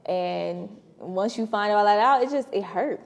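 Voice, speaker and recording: A woman's voice: medium pitch, unhurried, creaky. A woman co-hosting a podcast, chatting candidly in slangy casual speech and laughing through her stories. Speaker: podcast co-host. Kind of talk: casual chat.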